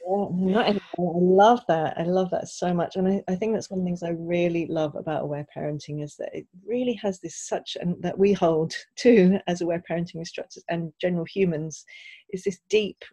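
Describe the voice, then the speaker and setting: Husky, mellow-voiced woman, earnest podcast host. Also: on the low side, steady tone, a little fast, no echo. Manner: earnest, reflective explaining. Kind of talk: casual podcast conversation.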